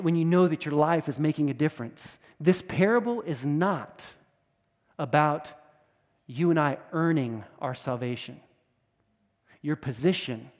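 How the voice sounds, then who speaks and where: A man preaching a sermon with emphatic delivery, repeating words and swinging between loud and soft. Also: on the high side, in a large hall. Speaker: pastor.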